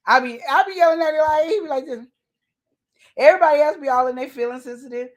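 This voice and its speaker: A woman's voice: high voice, fast. A woman co-hosting a casual chat show, reading viewer comments and acting out quoted voices with lots of laughter. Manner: animated, acts out quoted voices; laughs often. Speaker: podcast co-host.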